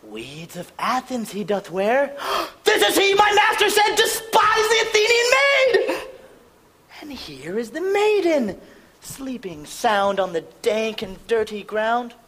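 A performer voicing a mischievous fairy sprite in a Shakespeare reading, playful and swinging between hushed lines and sudden exclamations. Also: mid-range voice, sing-song, slow pace. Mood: impish.

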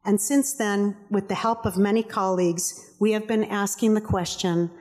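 A woman reading speaker introductions at a public event in a measured, formal way, as host and co-curator. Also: medium pitch, darkish tone. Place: aquarium event hall. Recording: long reverb of a hall.

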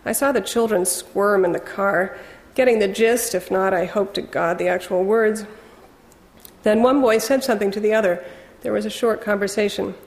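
A woman narrating a first-person novel in a wry, measured storytelling manner. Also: medium pitch, long reverb tail. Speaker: audiobook narrator.

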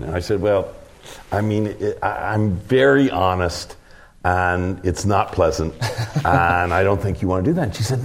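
A man with a very deep, low-pitched voice tells an anecdote in an interview. He is a middle-aged producer and director who rambles through his story, restarting sentences and leaning on fillers. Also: normal speed.

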